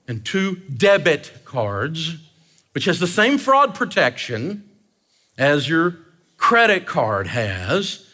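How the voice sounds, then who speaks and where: A man giving a live seminar talk on personal finance in an energetic, joking, animated way. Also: fairly high pitch.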